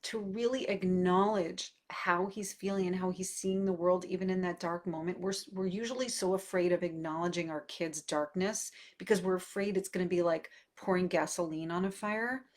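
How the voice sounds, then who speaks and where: Soft-pitched woman giving parenting advice. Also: steady tone, normal speed, few pauses. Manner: thoughtful, conversational, with many fillers and restarts. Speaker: parenting coach. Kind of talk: casual advice talk answering viewer questions.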